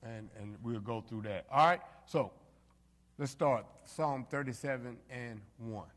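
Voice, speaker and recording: A man's voice: medium pitch, unhurried. A man leading an informal Bible study, talking conversationally to the group with frequent fillers and direct asides. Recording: reverberant hall.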